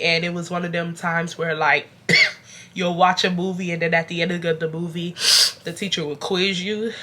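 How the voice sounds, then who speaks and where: A young woman with a bright, forward voice tells a casual storytime straight to her viewers. She is chatty and animated, calling out to them as y'all, even though she is sick and feeling unwell. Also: on the low side. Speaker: YouTube storyteller.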